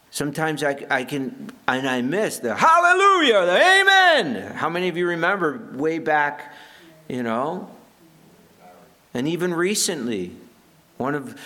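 A man's voice: medium pitch, a bit bright. Earnest man preaching a sermon. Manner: earnest, conversational, with frequent restarts. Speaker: pastor.

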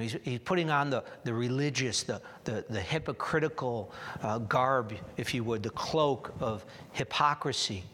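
A man's voice: medium pitch, animated, measured pace, fairly bright tone, slight background noise. A man preaching a sermon earnestly, often restarting phrases and rising in emphasis. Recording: long hall reverb.

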